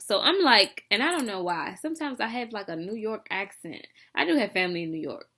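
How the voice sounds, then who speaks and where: A young woman in a casual storytelling vlog, animated and chatty, full of fillers and asides. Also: medium pitch, brisk, few pauses. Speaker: vlogger telling a story.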